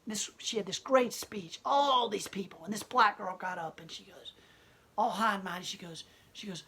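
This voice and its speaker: A woman's voice: mid-range voice, moderate pace, a bit bright, a little hiss or hum. A woman who owns a gallery speaks bluntly and defiantly in an impassioned interview monologue. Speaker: gallery owner and protester.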